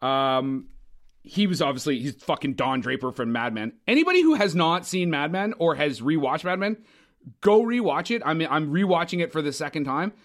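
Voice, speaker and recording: Animated, profane man reviewing movies. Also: a little high, normal speed. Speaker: podcast co-host. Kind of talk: casual movie review chat.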